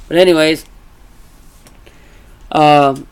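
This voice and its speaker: A man casually chatting in a vlog, rambling with restarts and growing animated as he retells stories. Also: a little high, very slow, clear, resonant tone. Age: adult. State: congested from allergies. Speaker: vlogger. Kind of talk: casual chat.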